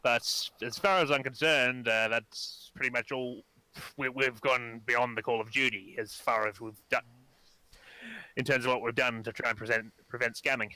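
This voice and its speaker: A man co-hosting a casual podcast, explaining things in a measured way. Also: medium pitch, fairly even intonation, sharp tone, dry recording, poor audio. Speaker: co-host.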